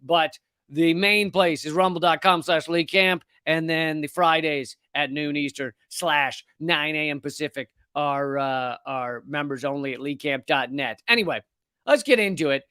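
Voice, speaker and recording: A man hosting a political comedy livestream, loud and animated, often shouting and slipping into sarcasm. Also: on the high side, a little slow, smooth, no room sound, clean studio sound. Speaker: host.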